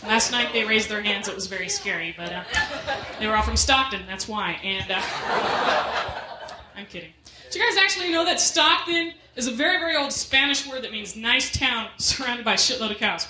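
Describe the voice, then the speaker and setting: A woman performs a stand-up set as the MC of a comedy club, bantering with the crowd in quick asides. Her voice sits high. The recording is roomy and echoey, with loud noise running underneath. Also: expressive. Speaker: MC and stand-up comic. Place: comedy club stage with a live audience.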